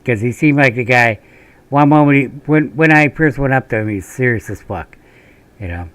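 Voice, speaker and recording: A man's voice: mid-range voice, moderate pace, a bit bright, clean tone, no echo. A man from Minnesota who hosts a gaming channel, telling a long, rambling, profane story while he plays. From Minnesota, USA. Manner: profane, rambling, laughs often.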